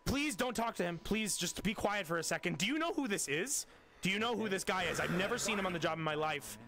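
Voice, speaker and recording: A man's voice: sits high, animated, fast, noisy background. A man voicing an exasperated young male scientist in a game video, flustered, swearing and pleading.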